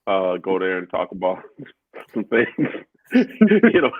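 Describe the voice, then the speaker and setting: A man's voice: sits low, huge pitch swings, slow, no room sound. Man, standup comic, casual chat, emphatic, repeats himself, dry, phone-like sound.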